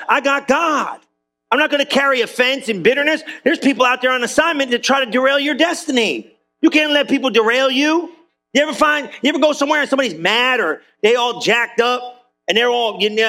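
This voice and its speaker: High, bright-voiced preacher urging his congregation. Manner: conversational, urging the congregation with repeated "come on". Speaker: pastor. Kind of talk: sermon. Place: church.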